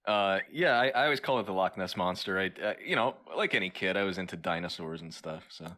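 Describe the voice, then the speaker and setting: Giggly, hesitant man with a bright voice. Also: low voice, lively intonation, fast. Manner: laughs easily, hesitant with many fillers. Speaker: podcast co-host. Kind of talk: casual comedic chat.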